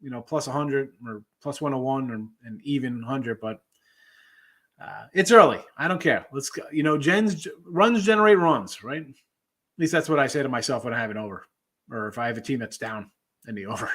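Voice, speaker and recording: The voice is medium in pitch, fairly bright, and brisk. It belongs to a man hosting a sports betting show who casually chats with his livestream audience, reading their comments and wandering across topics.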